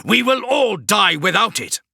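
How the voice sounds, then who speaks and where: A narrator putting on a weary, cynical sorcerer in a sci-fi audiobook, blunt and tense, a little raised in pitch. The voice is bright and recorded close and dry. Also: male voice, big pitch swings, unhurried, creaky, breathy edge, no room sound, heavily acted. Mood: resigned.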